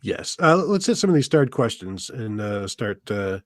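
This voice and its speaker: A man's voice: on the low side, sing-song, moderate pace, dry recording. Guy hosting a live sports podcast, rambly with lots of ums, dry close sound. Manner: rambling, many fillers and restarts. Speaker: podcast host. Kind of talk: casual live podcast chat.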